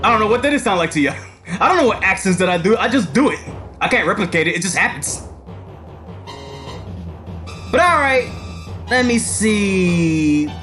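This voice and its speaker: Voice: mid-range voice, animated, moderate pace, pauses often, fairly bright tone. Loose, laughing game streamer in casual commentary, swears freely, faint music under.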